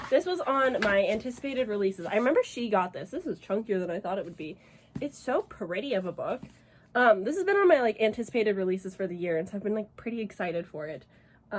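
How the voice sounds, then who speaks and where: A woman chatting casually to camera at home as a reading vlogger, gushing and exclamatory, swearing freely. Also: mid-range voice. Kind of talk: casual vlog chat to camera.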